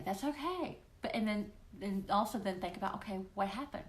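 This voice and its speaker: On her weekly livestream, a woman answers viewer questions in a casual, encouraging way, often slipping playfully into quoted voices. She talks fairly quickly at a medium pitch with few pauses, captured on a livestream computer microphone.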